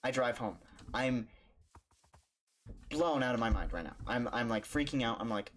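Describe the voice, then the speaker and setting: A man who streams, telling a jokey story in a casual, animated way, stumbling over restarts and acting out the voices in his story. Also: medium pitch, normal speed, long pauses, slight background noise. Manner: animated, jokey, with stammered restarts and acted-out quotes.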